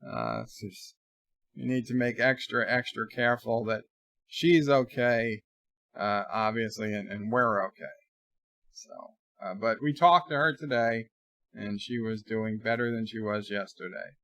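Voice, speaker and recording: Slow-talking man on a live stream. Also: mid-range voice, a bit bright, no echo. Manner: rambling, reads letters aloud and riffs jokingly. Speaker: livestream host answering viewer letters. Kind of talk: casual live-stream chat. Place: home room.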